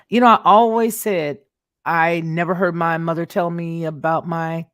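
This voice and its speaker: Low-voiced woman host, emphatic monologue. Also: no room sound, clean studio sound. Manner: emphatic, repeats words for stress. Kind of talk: monologue commentary.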